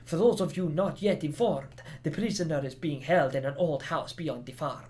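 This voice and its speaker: A gamer voicing a villainous village chief with an attempted Spanish accent, reading out orders in a hammy, low, muttering manner. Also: moderate pace, darkish tone, lightly acted. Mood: menacing.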